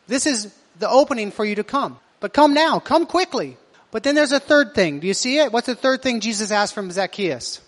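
A male pastor with a very high voice delivers a sermon. He keeps putting questions to his congregation, and his words ring out through a church hall with a long reverb. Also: fairly bright tone. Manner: asks the congregation rhetorical questions.

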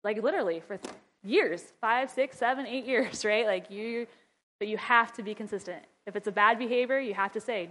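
A woman's voice: fairly high pitch, fairly quick, a bit bright. A woman teaching mothers in a casual talk, chatty and laughing often as she acts out little scenes.

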